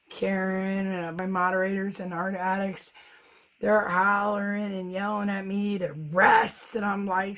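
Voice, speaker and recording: A middle-aged woman telling a personal story to her viewers in a casual, chatty way, laughing often as she talks. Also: mid-range voice. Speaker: vlogger, fluid art painter.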